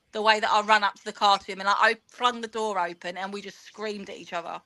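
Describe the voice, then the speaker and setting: Bright-voiced woman telling a story. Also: medium pitch, fast talker, few pauses. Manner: animated, rambling, acts out quoted dialogue. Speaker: guest, football fan and teacher. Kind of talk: casual interview storytelling.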